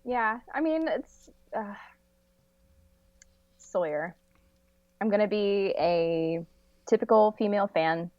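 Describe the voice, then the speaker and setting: A woman's voice: medium pitch, expressive, slow, long pauses, no room sound. A woman guesting on a podcast, chatting animatedly with frequent laughs and hedging fillers. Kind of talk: casual chat. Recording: slightly dull lo-fi audio.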